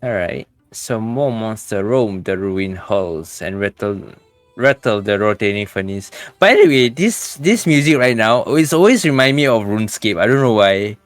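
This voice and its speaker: A man co-hosting a gaming stream, chatting casually, laughing often and reading game text aloud haltingly. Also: fairly low pitch, lively intonation, no echo, soft background music. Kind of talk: casual let's-play chat.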